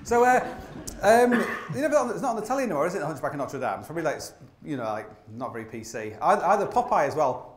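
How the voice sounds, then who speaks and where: A man's voice: a little high, very animated, fast, echoey room, a little hiss or hum. Rambling man on stage. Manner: rambling, self-deprecating, many restarts and laughs. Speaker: climber telling stories on stage. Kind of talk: live comedic storytelling talk. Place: theatre stage before an audience.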